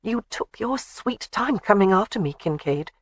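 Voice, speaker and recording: A man's voice: high-pitched, lively intonation, normal speed, dry recording, voice pushed up. A spirited young bride, as a man narrator puts her on. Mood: tender teasing.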